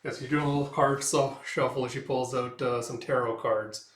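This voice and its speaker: A man's voice: medium pitch, steady tone, brisk. A man hosting a casual comic read-through, talking in a laid-back way with many filler "uh"s. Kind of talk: casual read-aloud commentary. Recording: echoey room.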